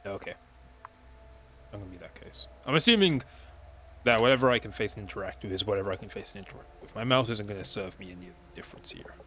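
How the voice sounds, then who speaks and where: A man's voice: fairly low pitch, expressive, fast, sharp tone, slight background noise. Man musing through a playthrough. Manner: thinking aloud, hesitant. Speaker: game player. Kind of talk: casual gameplay commentary.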